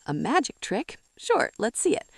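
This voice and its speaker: A woman's voice: fairly low pitch, expressive, moderate pace, no echo. A woman doing a skeptical baker. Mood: doubtful. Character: skeptical male bakery owner.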